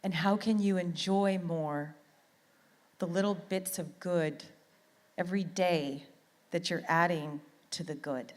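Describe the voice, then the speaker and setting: A woman's voice: on the low side, fairly even intonation, slow, in a large hall. A middle-aged woman from Canada giving an earnest, heartfelt motivational talk as a conference speaker, often repeating words for emphasis.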